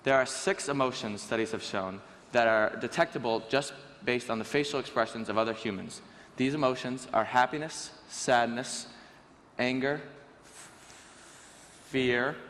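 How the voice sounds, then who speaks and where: A teenage boy giving a lively, joking talk on stage to a school audience. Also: medium pitch, a little slow, a little hiss or hum. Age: teens. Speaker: student speaker. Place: school auditorium. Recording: reverberant hall with faint ambience.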